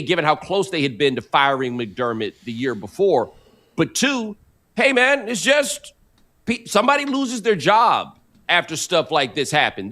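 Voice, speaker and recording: A man's voice: fairly high pitch, bright, forceful tone. A man in a sports debate, talking through a team's coaching change in a conversational way. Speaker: sports commentator.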